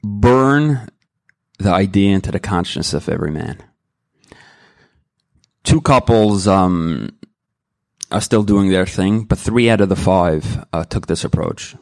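A middle-aged man shares his personal testimony at a recovery meeting, speaking in a deep, low voice. He is candid and emotional, circling back and restarting his sentences as he goes. The recording is dry and close, with no room echo. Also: animated, unhurried, gravelly, long pauses. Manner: earnest and rambling, with many restarts. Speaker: member sharing at a recovery meeting.

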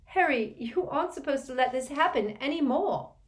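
A woman's voice: a little high, sing-song, measured pace, darkish tone, reverberant, pitched above the performer's own voice. Woman reading as an insistent clever teen girl. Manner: insistent, scolding. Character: clever, earnest teenage girl.

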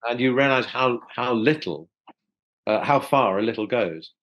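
In a casual interview chat over video call, an older actor from South London speaks as a guest, hesitating, repeating his words, and chuckling frequently. His voice is medium in pitch with a fairly bright tone at a normal speed, and the recording quality is low.

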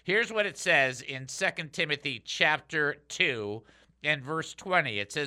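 Guy doing a chatty bible teaching show, super bright punchy voice, kinda high. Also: measured pace. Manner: energetic, chatty, speaks straight to listeners. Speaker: radio Bible teacher and host.

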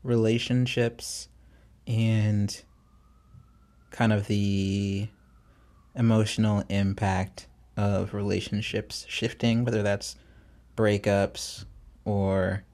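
Gravelly young man, laid-back. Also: fairly low pitch, level tone, slow, long pauses, a little mellow. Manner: loose and laughing, lots of fillers. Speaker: musician guest. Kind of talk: casual interview chat.

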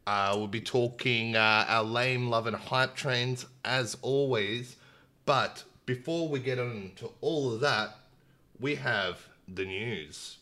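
A man hosts a gaming podcast from home. He speaks with a bright, clear voice at a middling pitch and chats eagerly, with plenty of ums and uhs. The sound comes over a streamed connection. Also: slow pace. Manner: chatty, filler-heavy, enthusiastic. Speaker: podcast host. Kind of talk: casual chat. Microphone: internet stream with dropouts.

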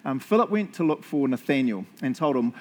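A man's voice: mid-range voice, expressive, brisk. A man with a New Zealand accent preaching a sermon in a church, chatty and joking, often tagging lines with "eh?" and "right?". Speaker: pastor.

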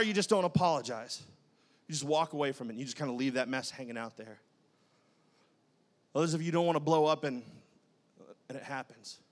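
A male pastor preaching and telling a story in an animated, dramatic way. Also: on the high side. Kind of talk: sermon with personal storytelling.

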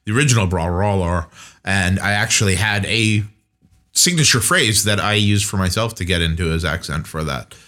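A man's voice: low-pitched, normal speed, sharp tone. A man co-hosting a casual podcast chat, steering the talk with questions. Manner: conversational, prompting questions. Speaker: podcast co-host.

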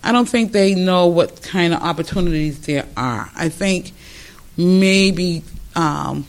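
An older man who runs a museum, telling stories in an animated, rambling way with many restarts during an interview. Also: sits high, slow, creaky. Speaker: museum founder. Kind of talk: conversational interview.

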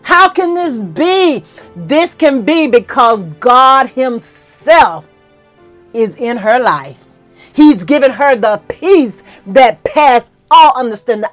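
A woman preaching a sermon in a fervent, emotional way, with folksy church talk and excited peaks. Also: high voice, slow pace, faint music behind.

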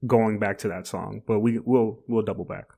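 A man's voice: on the low side, fairly even intonation, moderate pace, vocal fry, warm tone. A man co-hosting a casual podcast chat, emphatic and fond of repeating a phrase for effect. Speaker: podcast co-host.

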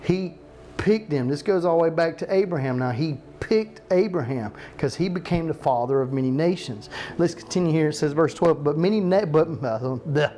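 A man preaching a sermon, reading scripture slowly for emphasis and asking the listeners questions. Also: fairly high pitch, dark tone. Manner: slows down to stress verses, asks the listeners questions.

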